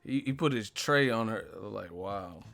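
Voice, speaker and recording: Animated, laughing man on a live chat. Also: fairly low pitch, measured pace, vocal fry. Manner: animated storytelling, laughs often, acts out movie lines; profane, slangy. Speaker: host of a live boxing stream. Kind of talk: casual live-stream chat.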